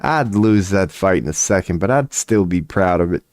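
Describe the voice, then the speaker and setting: A man's voice: deep voice, animated, moderate pace, darkish tone, no room sound, clean studio sound. A man riffing casually and profanely on a home webcam stream, joking loosely and slipping into silly voices. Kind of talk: rambling casual stream talk. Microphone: webcam mic.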